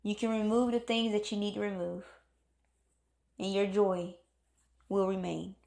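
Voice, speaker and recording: A woman's voice: medium pitch, little pitch movement, a little slow, creaky, a little mellow, roomy sound. A woman giving a casual motivational talk, earnest and encouraging, repeating herself and acting out moods as she speaks.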